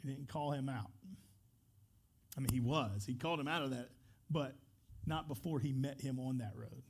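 A man's voice: medium pitch, normal speed, a little hiss or hum. A man pastor leading a church service, telling a story and praying in an earnest, conversational way with restarts. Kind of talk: church service talk and prayer.

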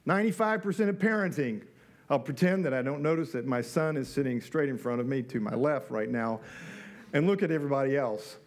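A man's voice: medium pitch, animated, brisk. A middle-aged man preaching a sermon in a conversational way, with rhetorical questions and joking asides. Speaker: pastor.

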